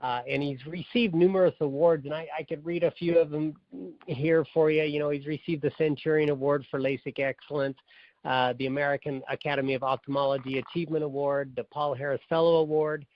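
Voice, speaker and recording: A man's voice: fairly high pitch, flat delivery, a little fast, no echo. Hesitant man hosting a phone call. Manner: friendly, hesitant, many uhs. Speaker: host. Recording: dry, dull phone line.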